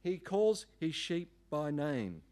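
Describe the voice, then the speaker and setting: A middle-aged man, preaching a sermon in an emphatic, animated way with folksy asides. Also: on the high side, takes it slowly. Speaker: pastor.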